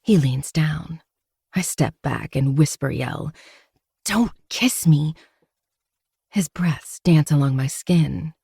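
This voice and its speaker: Woman narrator for a first-person romance novel, low, gravelly, dry close sound. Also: slow pace, warm tone, no room sound.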